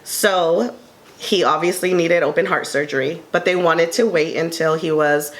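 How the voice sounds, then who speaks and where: A woman shares a heartfelt story at a casual table talk. She speaks in a fairly low voice, earnest and unhurried. She often pauses with ums. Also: steady tone. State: tearful at moments. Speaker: panel co-host sharing her story.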